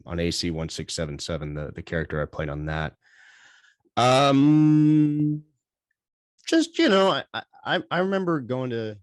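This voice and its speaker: A man's voice: low voice, no echo, clean studio sound. A man speaking as a voice actor guest on a convention panel, hesitant and full of fillers.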